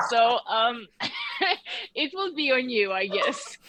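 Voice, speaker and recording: Bright, crisp-voiced woman in casual chat. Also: fairly high pitch, wildly swooping pitch, slow pace, rough recording. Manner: hesitant, full of fillers and restarts. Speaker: panel guest.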